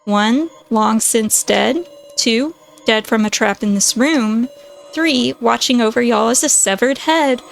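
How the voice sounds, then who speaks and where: A woman's voice: fairly high pitch, takes it slowly, creaky. A woman voicing a cruel, mocking doll from a death game, taunting in a drawling, slangy way.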